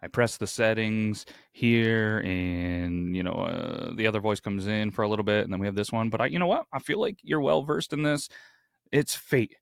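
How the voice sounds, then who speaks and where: A man hosting a podcast, talking in an excitable, rambling and self-aware way. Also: fairly low pitch, moderate pace, gravelly, clean tone, no room sound, studio quality. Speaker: podcast host. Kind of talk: casual podcast chat.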